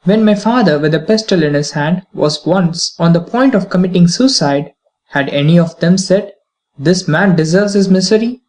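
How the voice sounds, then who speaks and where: A woman's voice: fairly low pitch, moderate pace, a little mellow, lightly acted. An audiobook reader voices an earnest, tender-hearted young wife who presses her point with pleading questions.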